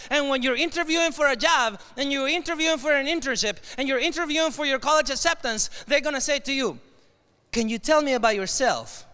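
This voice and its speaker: A man with a Mexican Spanish accent giving an energetic motivational keynote to a crowd, leading call-and-response chants with bursts of shouting. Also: very high voice. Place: large hall at a leadership conference. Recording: echoey hall, long reverb.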